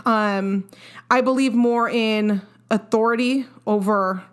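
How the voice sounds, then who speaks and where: A woman's voice: fairly high pitch, fairly even intonation, takes it slowly, clean tone. A young woman co-hosting a podcast, talking frankly and firmly about parenting in casual chat with fillers. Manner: frank, firm, chatty with fillers. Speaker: podcast co-host.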